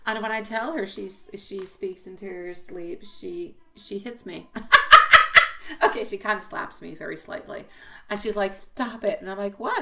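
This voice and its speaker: Woman, thirties, live tarot reader, bright tone, affectionate, rambling chat. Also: mid-range voice. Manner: affectionate, calls viewers sweetie and my love; chatty, laughs often, rambles. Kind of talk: live-stream tarot reading.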